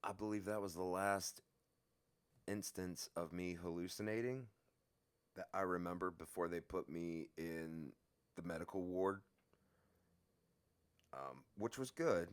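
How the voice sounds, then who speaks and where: A man telling a story from his own life in a casual, profane, lively way. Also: deep voice, unhurried, pauses often, clear, resonant tone.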